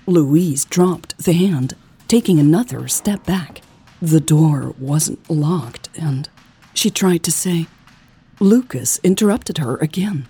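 A woman host narrating a scripted audiobook in a calm, measured way. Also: low-pitched, husky.

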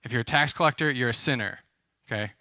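A man's voice: medium pitch, fast talker, pushed and bright, no room sound, studio quality. A man preaching a casual, conversational sermon, explaining scripture and asking his listeners questions. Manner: conversational, asks the audience questions. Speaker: pastor. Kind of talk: sermon teaching.

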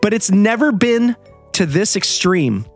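Fired-up male host, profane rant, pitch swinging all over, faint music under him. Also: expressive, unhurried. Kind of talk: heated solo monologue.

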